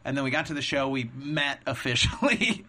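Bright-voiced man telling comedy stories. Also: medium pitch, fairly quick. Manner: animated storyteller, acts out quotes. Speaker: stand-up comedian guest. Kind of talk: casual podcast chat, storytelling.

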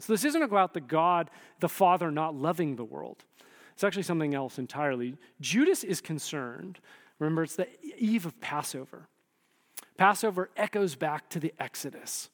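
A man preaching a sermon in a conversational, animated way, often checking in with the listeners. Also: a little high, normal speed, long reverb tail. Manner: conversational, animated, frequent "right?" asides. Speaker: pastor.

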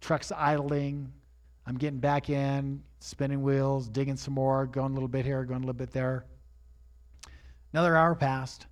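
A man preaching as he tells a personal story with animation, rising to shouts at the high points. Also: flat delivery, normal speed.

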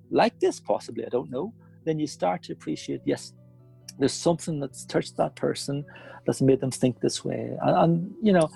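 A man's voice: on the high side, vocal fry, dark tone, slightly rough. A man, a podcast guest, telling a personal story in an earnest, reflective way in casual conversation.

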